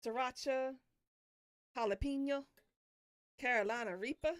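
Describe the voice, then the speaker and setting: In a high-pitched voice and at a slightly slow pace, a woman takes on a spicy food challenge on stream while chatting with viewers. The heat has her cursing a lot, groaning and coughing. The sound is clean studio quality without echo.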